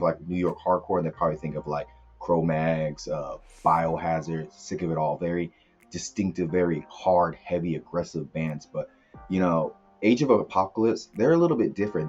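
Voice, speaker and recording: Laid back dude reviewing an album, deep raspy voice, faint music behind. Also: male voice, a little mellow, lo-fi sound. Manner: laid-back, rambling, many fillers. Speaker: music reviewer, channel host. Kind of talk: casual video review.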